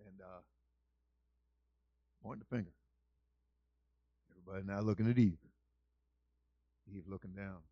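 A man preaching a sermon as senior pastor, with a lively storytelling manner that swings from loud to soft. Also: sits low, normal speed, long pauses, no room sound, dull audio.

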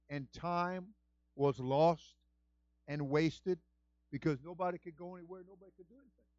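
Lively high-voiced male pastor preaching. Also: dry recording. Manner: animated preaching, builds to shouts. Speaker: senior pastor. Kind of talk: sermon. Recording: dull lo-fi dry recording.

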